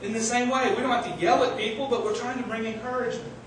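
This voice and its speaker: Male pastor preaching with animated storytelling, high voice, recorded from across a very echoey church hall. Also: fast, far from the mic, a little hiss or hum. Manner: animated storytelling, shouting quoted lines. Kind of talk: sermon. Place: church sanctuary.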